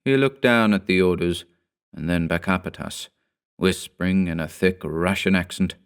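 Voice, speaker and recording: A man giving measured, somber first-person scripted narration of a horror story. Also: sits low, clear, resonant tone.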